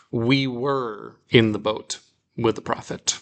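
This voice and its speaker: This man speaks at a medium pitch while teaching Bible Greek in an easygoing way. He reads sample sentences out loud, then walks through them slowly with casual filler words.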